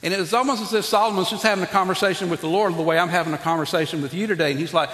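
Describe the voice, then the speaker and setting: Male pastor, lively preaching style, voice carries with a long hall reverb. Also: fairly high pitch, fast talker. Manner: animated, talks to congregation, acts out Bible figures. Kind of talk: sermon. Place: church sanctuary.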